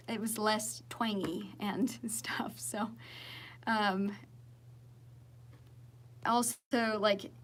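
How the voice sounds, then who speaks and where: A young woman with a Southern accent chatting casually with viewers on a livestream, rambling with fillers and restarts. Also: medium pitch. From Southern United States. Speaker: singer-songwriter livestreaming.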